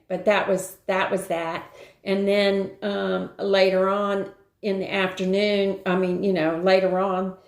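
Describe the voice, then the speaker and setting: A woman's voice: mid-range voice, vocal fry. An older woman hosting a live stream, telling a rambling everyday story in casual chat and greeting viewers along the way. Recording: roomy echo.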